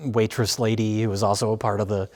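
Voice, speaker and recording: A man's voice: fairly low pitch, flat delivery, quick pace, noisy background. Rambling man reviewing films. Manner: rambling, many fillers and restarts, laughs easily. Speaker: film review show host. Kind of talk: casual film review chat.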